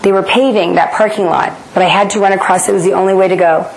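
A middle-aged American woman recounts a personal testimony with earnest, dramatic delivery, acting out the voices in her head. Her pitch sits in an ordinary middle range. A faint noise floor runs under the recording. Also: fairly even intonation, fast, rough recording. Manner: earnest, dramatic retelling that acts out inner voices.

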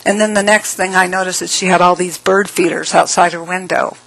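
Middle-aged woman, motivational speaker, somewhat low voice, slow emphatic delivery, playful asides. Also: steady tone, vocal fry, fairly bright tone, low-quality recording. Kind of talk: inspirational talk with storytelling.

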